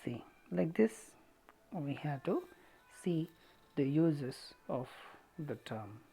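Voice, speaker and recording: A woman's voice: low-pitched, lively intonation, slow pace, vocal fry, mellow, husky. A woman explaining an English textbook exercise step by step, with frequent "see" and "so". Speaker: college English teacher.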